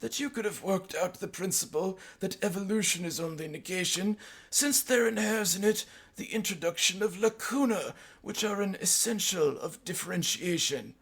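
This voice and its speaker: A man reading an audiobook as its narrator, in a steady, plain manner. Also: high-pitched, normal speed, husky. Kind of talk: scripted narration.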